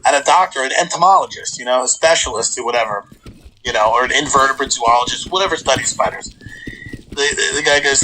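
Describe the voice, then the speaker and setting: Bright-voiced man telling comic stories. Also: mid-range voice, quick pace, slight background noise, rough recording. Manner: animated comic storyteller, acts out quotes. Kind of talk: casual storytelling chat.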